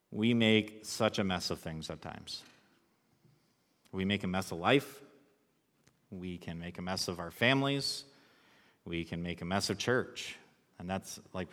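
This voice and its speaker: A man preaching a sermon as pastor, relaxed and conversational, joking with the congregation. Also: low-pitched, long reverb tail.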